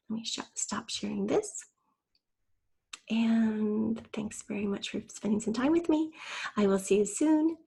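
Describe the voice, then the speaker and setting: A woman teacher gives a spelling lesson online, spelling out words letter by letter for young children. Her voice is gravelly and a little husky. She speaks patiently and clearly into a computer mic. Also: on the high side, fairly even intonation, unhurried, mellow.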